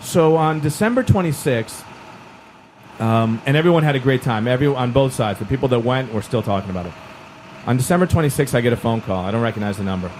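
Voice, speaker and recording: A middle-aged man telling a long story in a casual podcast chat, lively and acting out the people in it. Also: mid-range voice, quick pace, slight background noise. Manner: animated storyteller who acts out quoted voices.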